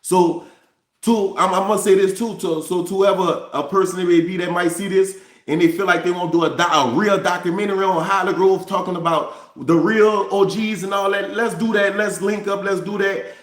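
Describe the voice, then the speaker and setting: A man's voice: high-pitched, steady tone, brisk, reverberant. New man telling his story. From New Orleans. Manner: repetitive, restarts phrases, addresses viewers as y'all. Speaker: vlogger. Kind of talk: candid storytelling monologue.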